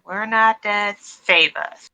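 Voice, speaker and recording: A woman's voice: medium pitch, takes it slowly, crowd noise, poor audio. A woman playing a tabletop game, making dry, wry remarks. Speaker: player. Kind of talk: casual tabletop game chat.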